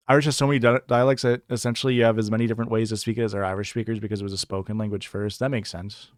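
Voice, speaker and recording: A man's voice: on the low side, level tone, very fast, hardly any pauses, dry recording, clean studio sound. A young man from northern Illinois with a Chicago-area Midwestern accent, chatting casually on a livestream, rambling with lots of fillers and swearing. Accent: Chicago-area Midwestern American. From northern Illinois, USA. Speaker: streamer. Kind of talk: casual chat answering chat. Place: home streaming setup.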